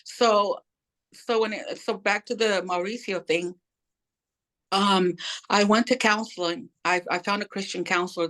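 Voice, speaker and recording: A woman's voice: on the low side, a bit bright. A middle-aged woman speaking as an interview guest, telling her personal story candidly and acting out the voices of people she quotes in casual, slangy talk.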